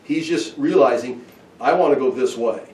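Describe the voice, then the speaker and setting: A man of middle pitch teaches scripture in a relaxed, conversational way, guiding listeners from verse to verse. His voice reaches the mic from some distance and rings in a roomy space. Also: moderate pace. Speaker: Bible teacher. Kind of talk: informal verse-by-verse Bible teaching.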